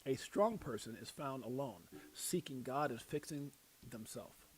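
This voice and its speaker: A man with a Brooklyn accent hosting a casual crypto livestream, reading out motivational quotes and breaking into loud shouts and laughter. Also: medium pitch, animated, measured pace, very noisy. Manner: reads out quotes and preaches motivational sayings.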